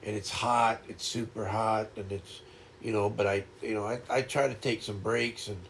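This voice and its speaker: An older man hosting a casual livestream chat, talking in a reflective, halting way and often repeating words as he starts over. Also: fairly low pitch, fairly even intonation, vocal fry, a bit bright, slight background noise. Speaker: livestream host.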